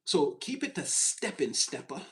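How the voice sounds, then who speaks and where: A man giving a casual tarot reading, animated and laughing, slipping into mocking voices. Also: on the high side, normal speed, slight background noise, poor audio. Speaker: tarot reader.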